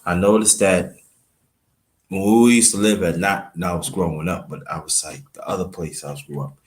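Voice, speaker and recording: A man from Brooklyn speaks. He hosts his own livestream and tells a family story in a rambling, halting way. He keeps breaking off to greet viewers by name. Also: low-pitched, fairly even intonation. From Brooklyn, New York. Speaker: livestream host.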